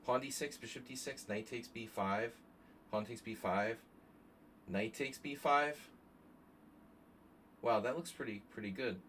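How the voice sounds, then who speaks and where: A man's voice: medium pitch, measured pace, long pauses, a bit bright, slight background noise. A man streaming blitz chess, thinking aloud through his moves and chatting with viewers as he plays. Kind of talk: live stream commentary while playing blitz chess.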